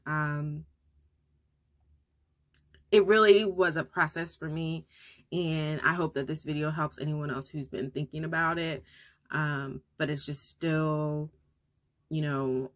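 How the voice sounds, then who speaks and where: A woman's voice: deep voice, pushed and bright. A young adult woman, a homeschooling mother, chatting casually to her viewers in a get-ready-with-me vlog and telling a personal story with fillers and restarts.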